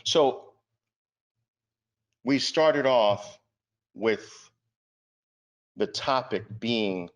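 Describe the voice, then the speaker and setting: Slow, emphatic man presenting a trading seminar. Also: medium pitch. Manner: emphatic, addresses audience with rhetorical questions. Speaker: market speaker.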